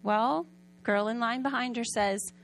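A woman preaching a sermon in a conversational storytelling way, often asking the audience questions and sometimes dropping soft and quiet. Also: fairly high pitch, a little slow, slight background noise.

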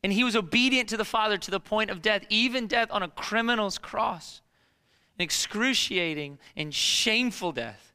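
A man preaching a sermon in a dramatic storytelling way, moving between hushed and emphatic delivery. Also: sits high, moderate pace, clean tone. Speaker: pastor.

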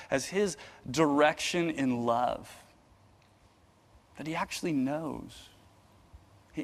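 Earnest pastor in a reverberant hall. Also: male voice, fairly high pitch. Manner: earnest, repeats words when starting, shifts from loud to hushed. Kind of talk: sermon.

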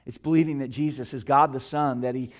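Emphatic preacher man, soft to loud. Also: steady tone. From United States. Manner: builds from soft low passages to loud emphatic peaks; slow, stretched emphasis on scripture quotes. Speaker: pastor. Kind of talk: sermon. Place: church sanctuary.

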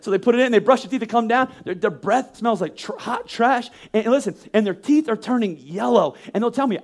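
High-voiced emphatic male preacher. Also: animated, fast talker, hardly any pauses. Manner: emphatic, rhetorical, acts out quoted voices. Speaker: pastor. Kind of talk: sermon.

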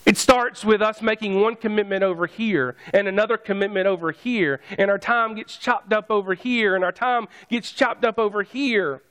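A man's voice: high-pitched, moderate pace, few pauses, a bit bright. A man preaching a sermon, conversational and joking with his congregation. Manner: conversational, jokey asides to the congregation. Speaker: pastor.

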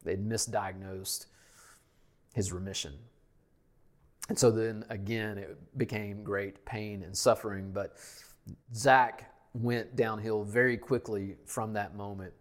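A male pastor preaching a sermon, emphatic, repeating key lines and dropping to a hush at the ends of phrases. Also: lowish voice, steady tone, takes it slowly.

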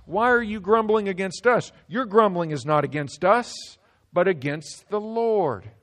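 A male pastor preaching a sermon, swinging between loud emphasis and sudden hushed drops. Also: sits high, lively intonation, measured pace.

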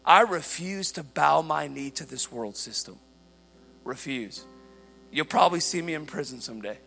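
High lively preacher guy, animated storyteller, faint music behind, echoey hall. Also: creaky. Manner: animated storytelling, shouting at peaks. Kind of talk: sermon. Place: church hall.

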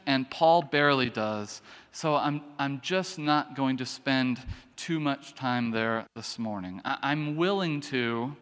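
A man's voice: medium pitch, a bit bright. Preaching man in a reverberant church. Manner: conversational, frequent restarts and asides while reading scripture. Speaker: pastor. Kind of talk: sermon.

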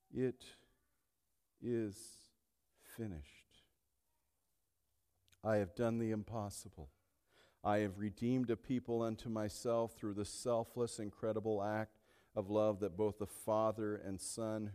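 A male pastor preaching an impassioned sermon, swinging between hushed and loud delivery. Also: on the low side. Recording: long hall reverb.

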